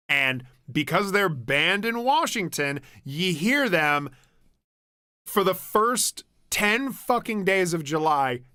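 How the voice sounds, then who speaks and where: A man's voice: on the high side, sharp tone, clean tone, no room sound, studio quality. A young man streaming from home, chatting casually, rambling with restarts, swearing and laughing easily. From United States. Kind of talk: casual chat reading stream comments.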